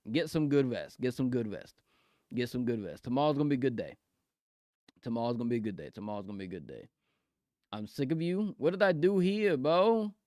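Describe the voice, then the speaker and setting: A man's voice: medium pitch, dry recording, studio quality. A male streamer chatting casually on a livestream, rambling, laughing often and repeating phrases.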